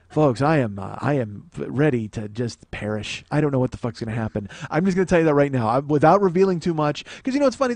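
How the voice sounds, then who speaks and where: A man's voice: fairly high pitch, darkish tone. A man in his forties hosting a solo comedy podcast, ranting in a profane, self-mocking, mock-indignant way.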